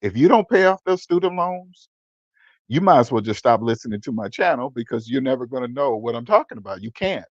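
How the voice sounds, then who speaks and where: A man's voice: mid-range voice, expressive, a little fast, no room sound, muffled recording. A man in his fifties hosting a personal finance channel, talking in a blunt, preachy way and repeating words for emphasis. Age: 50s. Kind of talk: casual livestream-style monologue.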